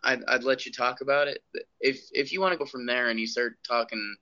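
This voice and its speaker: A young man in casual sports talk, with a very bright, sharp voice that keeps restarting its words. The sound is dry and dull, with no room to it. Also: mid-range voice, steady tone, a little fast, no echo. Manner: hesitant, repeats words when starting. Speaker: podcast co-host.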